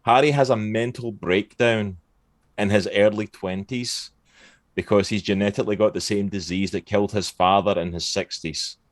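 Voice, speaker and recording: A man in casual podcast chat, ranting with animated sarcasm about films. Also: lowish voice, moderate pace, dry recording.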